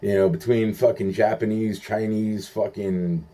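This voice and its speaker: A man's voice: fairly low pitch, fairly even intonation, measured pace, mellow. A young man rambling in a profane monologue, stumbling through restarts and acting out quoted voices.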